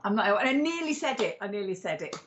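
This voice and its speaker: A woman's voice: medium pitch, big pitch swings, fairly quick, muffled recording, background noise. Woman, psychic medium, chatty, rambling, affectionate, mid-range voice. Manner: chatty, rambling, affectionate, calls people darling. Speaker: psychic medium and regression therapist. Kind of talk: live-stream card readings and chat.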